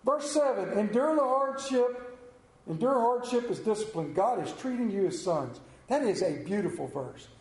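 A man in his fifties preaching a sermon, telling a folksy personal story and rising in pitch and volume as he drives points home. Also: animated, normal speed, reverberant. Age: 50s. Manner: folksy storytelling, rises loud and high when preaching.

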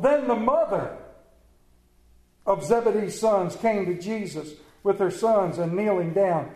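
A man's voice: high voice, darkish tone. Self-mocking pastor man in an echoey church. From Maryland. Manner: storytelling, self-mocking humor. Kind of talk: sermon. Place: church sanctuary.

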